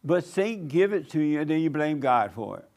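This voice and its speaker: A man's voice: a little high, very animated, a little fast, a little mellow. A man preaching a blunt sermon as pastor, mimicking whiny voices to mock them.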